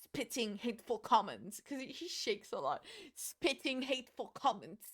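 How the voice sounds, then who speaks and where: A self-important male politician ranting in a stumbling, speech-like cadence, as a woman puts him on. The voice sits a little high and the delivery is plain mockery. The tone is more comic sketch than real imitation. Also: lively intonation, moderate pace, husky. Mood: mock-pompous. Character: mock impression of a male British politician.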